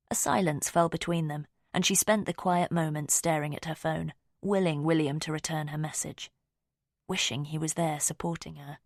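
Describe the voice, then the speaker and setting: Female audiobook narrator; low and measured, dry. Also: vocal fry, no room sound.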